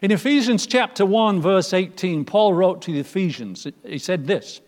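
A man preaching a sermon, moving from loud emphatic lines to soft, almost whispered ones. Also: high voice, expressive, normal speed, long reverb tail.

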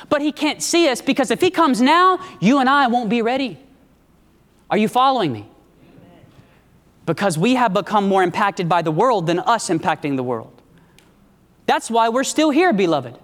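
A woman preacher delivers a sermon from a church sanctuary, and her voice rings out with a long hall reverb. She keeps asking the congregation for an amen. She swings from high, emphatic declarations to low, hushed passages. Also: very animated, moderate pace. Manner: call-and-response, asking the congregation for amens.

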